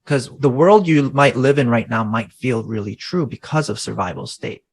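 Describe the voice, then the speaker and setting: A man in his thirties speaks as a guest in a relaxed interview, and his voice sits mid-range with a steady gravelly rasp. He talks earnestly and reflectively, often tossing in a "right?" to check in. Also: mid-range voice, normal speed, rough recording. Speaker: guest coach. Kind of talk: conversational interview.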